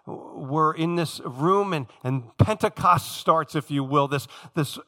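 Brief: male pastor, high bright voice, lively sermon delivery, drops to hushed tones then shouts. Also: slow pace. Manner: animated, shifts from low hush to shouting; addresses congregation directly, acts out quoted speakers.

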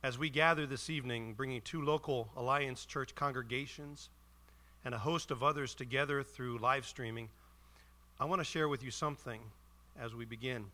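A man's voice: medium pitch, sharp tone. Solemn, earnest man preaching. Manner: solemn, earnest, reading prepared words. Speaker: pastor. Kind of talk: Good Friday sermon and prayer.

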